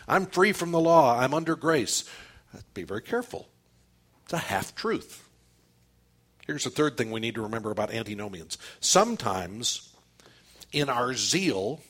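Husky-voiced man preaching emphatically. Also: medium pitch, a bit bright. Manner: emphatic preaching with rhetorical questions to the congregation. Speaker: pastor. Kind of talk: sermon.

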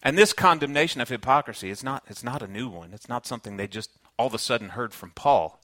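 A Southern man preaches in an earnest, conversational manner, with a bright, forceful tone. His voice sounds close and dry, with no room echo. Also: mid-range voice, animated, fast talker. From Kentucky, United States. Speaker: pastor. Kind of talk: sermon.

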